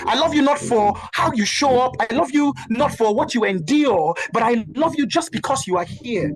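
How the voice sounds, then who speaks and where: A man's voice: very high voice, animated, poor audio. Heartfelt man performing spoken word over music. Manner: slow, dramatic, heartfelt delivery. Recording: music playing behind the voice.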